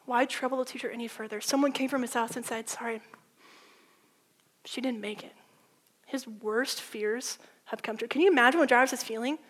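A woman preaching a sermon in a casual, animated storytelling way, full of "like", swinging between loud and hushed. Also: on the high side, fast talker. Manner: informal, with frequent "like".

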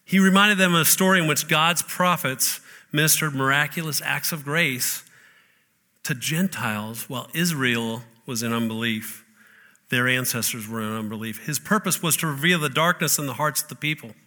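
A man's voice: mid-range voice, normal speed, bright, forceful tone. A man preaching a sermon as pastor, telling stories and asking the listeners questions in a conversational way.

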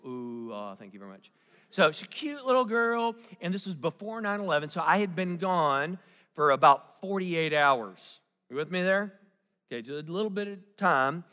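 Bright-voiced pastor in a big hall. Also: male voice, fairly high pitch. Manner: storytelling with audience questions and jokes. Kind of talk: sermon. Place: church sanctuary. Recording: long hall reverb.

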